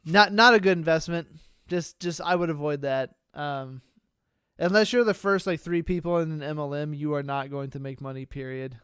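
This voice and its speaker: Man on a casual podcast with a fairly high, smooth voice. He rambles and restarts his sentences, filling gaps with "uh" and "like." The sound is close and dry, with no room echo. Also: moderate pace, a bit bright. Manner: rambling, many fillers and restarts. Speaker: podcast co-host.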